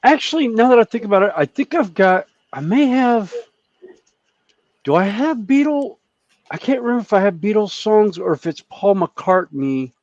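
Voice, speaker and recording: On a group video call, a hobby group member tells a meandering anecdote with plenty of fillers and restarts. He sits high with big pitch swings and a darkish tone at moderate speed, picked up by a video-call microphone in dull, dry audio.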